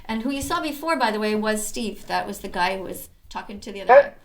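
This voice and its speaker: A woman's voice: medium pitch, lively intonation, fast. A woman hosting casual commentary over activist videos, talking in an emphatic, enthusiastic way. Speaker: host reacting to activist videos.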